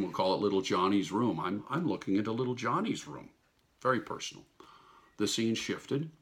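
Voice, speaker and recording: Deep gravelly man telling a testimony. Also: a bit bright. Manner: earnest, slow and emphatic storytelling. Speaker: Christian speaker sharing a testimony. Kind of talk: spoken personal testimony.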